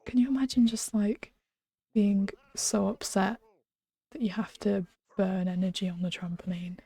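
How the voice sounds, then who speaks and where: A young woman chatting casually while streaming a game at home, giggling and often dropping to a hushed whisper. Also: medium pitch, fairly even intonation, normal speed, breathy edge, no room sound. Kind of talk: casual live-stream chat. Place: small room at home.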